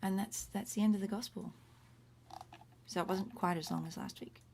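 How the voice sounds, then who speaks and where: A woman's voice: medium pitch, steady tone, normal speed, darkish tone. A middle-aged woman teaching Latin from home in a casual, chatty livestream, explaining words one by one and breaking off to comment as she goes. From Australia. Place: home room. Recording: faint room noise.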